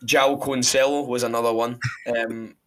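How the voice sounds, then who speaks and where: A man's voice: medium pitch, level tone, moderate pace, fairly bright tone. A man with a Falkirk and Glasgow Scottish accent, hosting a casual podcast and telling stories against himself in a chatty way. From Scotland. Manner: self-mocking, chatty storyteller. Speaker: podcast host.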